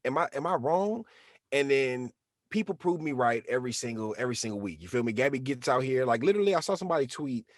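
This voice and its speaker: A man co-hosting a podcast in casual chat, talking in an animated, slangy way and acting out quotes. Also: mid-range voice, quick pace, no room sound, clean studio sound. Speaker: podcast co-host.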